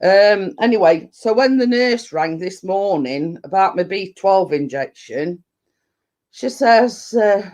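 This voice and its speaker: A middle-aged woman with a Yorkshire accent and a slightly deep voice, chatting casually on a livestream and rambling with lots of fillers. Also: lively intonation, takes it slowly, a little mellow. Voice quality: a bit deep. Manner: rambling, full of fillers and restarts. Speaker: livestream host. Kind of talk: casual live chat.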